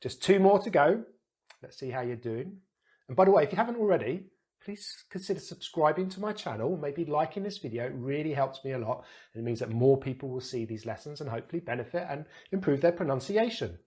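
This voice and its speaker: A man's voice: a little high, lively intonation, a little fast, darkish tone. British male teacher, patient, demonstrative, breaks words into single sounds. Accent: British English. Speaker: English pronunciation teacher. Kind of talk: explaining pronunciation to camera.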